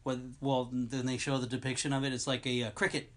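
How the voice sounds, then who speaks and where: A man's voice: medium pitch, level tone, fairly quick, fairly bright tone. A man co-hosting a podcast in casual chat, rambling and going off on long tangents. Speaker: podcast co-host.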